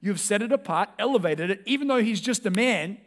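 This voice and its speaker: High-voiced man preaching a sermon. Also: animated, brisk. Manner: conversational and direct, addressing the congregation as friends. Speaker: pastor.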